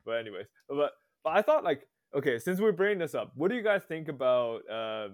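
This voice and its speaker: Teasing male co-host, bouncy animated delivery, casual chat. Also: fairly high pitch, a little fast. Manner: playful, teasing. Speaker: podcast co-host. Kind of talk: casual movie review chat.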